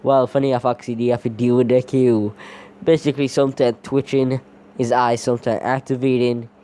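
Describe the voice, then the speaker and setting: Male storyteller, casual and rambling, dark mellow voice. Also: mid-range voice, level tone, a little fast. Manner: rambling, leans heavily on "basically". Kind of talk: casual fan-story narration.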